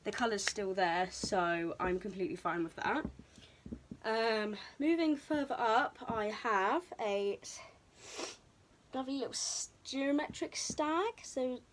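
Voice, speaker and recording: A young woman talks casually to her camera, bubbly and chatty, her slightly high voice a little out of breath. She fills pauses with ums as she chats along. The sound comes from a camera on a tripod in a room. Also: a little hiss or hum. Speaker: vlogger. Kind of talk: casual show-and-tell vlog. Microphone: camera mic on tripod, moved around.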